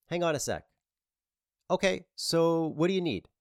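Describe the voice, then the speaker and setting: A man's voice: a little high, lively intonation, measured pace, no echo, clean studio sound, pitched above the performer's own voice. A man voicing a sweet, polite teenage girl answering the phone at a bakery, in an audiobook. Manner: polite and helpful.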